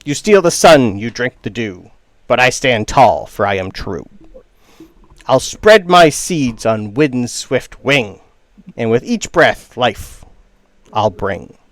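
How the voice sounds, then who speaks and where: A man voicing a tiny, swaggering male dandelion creature who declaims grandly and bosses people around in a weird little high voice. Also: big pitch swings, takes it slowly, dry recording. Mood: grand recital. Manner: grandly declaiming, bossy and flirtatious. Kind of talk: game master voicing a character.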